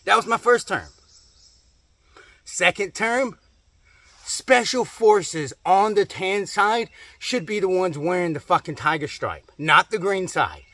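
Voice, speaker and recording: High, sharp-voiced man ranting furiously. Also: lively intonation, slow, dry recording. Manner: angry, profane, swearing constantly, repeating himself. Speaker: comedic ranting character. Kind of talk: profane comedic rant to camera.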